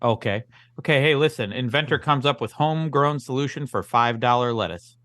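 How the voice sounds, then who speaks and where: A man's voice: mid-range voice, fairly quick, fairly bright tone, no echo. A man co-hosting a casual comedy podcast, playing the dry, skeptical straight man. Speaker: podcast co-host.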